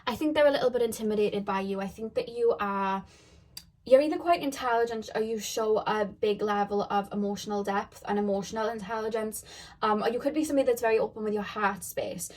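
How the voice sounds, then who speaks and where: A woman's voice: medium pitch, fairly quick, darkish tone. Chatty woman giving a tarot reading. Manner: chatty, loose, with many fillers and repeated phrases; frank and matter-of-fact. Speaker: tarot card reader. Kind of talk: casual tarot reading to camera.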